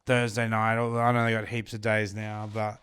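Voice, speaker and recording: Man, casual chat, enthusiastic, smooth resonant voice. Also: lowish voice, monotone, brisk, fairly bright tone. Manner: enthusiastic, laughs often. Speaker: podcast co-host.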